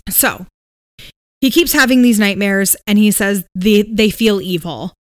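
Unhurried and mid-range, a woman co-hosting a podcast loosely recounts a ghost story, her telling full of "um"s, "like"s and hedges. The studio-quality recording is dry.

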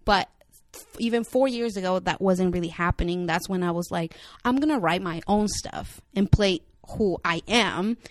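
A young Spanish-accented actress and writer chats frankly as an interview guest, filling her casual talk with filler words. She speaks at a moderate pace in a fairly low voice, and the studio-quality audio has no echo.

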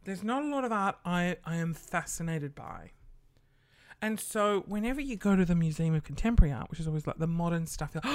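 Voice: mid-range voice, lively intonation, fairly quick. A podcast host telling a casual story, chatty and loose, swearing freely and acting out the people in it.

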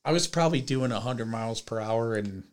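A man's voice: mid-range voice, brisk, clear, resonant tone. Young man telling a wild story. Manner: animated, profane storytelling with shouted quoted voices. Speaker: podcast host. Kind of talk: casual storytelling chat.

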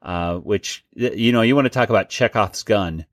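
A man's voice: lowish voice, moderate pace, over loud music. A man hosting a casual podcast chat, talking loosely and laughing often. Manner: chatty, laughs often, restarts. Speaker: podcast host.

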